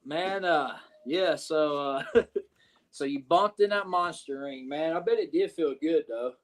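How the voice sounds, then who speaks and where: Wrestler guy spinning a story, kinda high pitched, lots of you know what im saying. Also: unhurried. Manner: animated, profane storytelling with many "you know what I'm saying" fillers. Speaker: wrestler guest. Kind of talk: casual storytelling interview.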